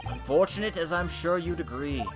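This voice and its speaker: A man voicing a cold, aristocratic British prosecutor in a low, slow, condescending voice, over game music. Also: natural voice. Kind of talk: game playthrough voice acting.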